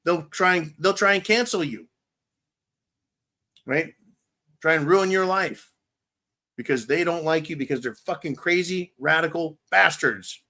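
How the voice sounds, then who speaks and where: A man's voice: fairly high pitch, a little slow, pauses often, sharp tone. A man hosting a live-stream show, talking bluntly and profanely in a casual rant, a little tongue-tied after a couple of drinks. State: slightly tipsy, tongue-tied. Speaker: livestream host.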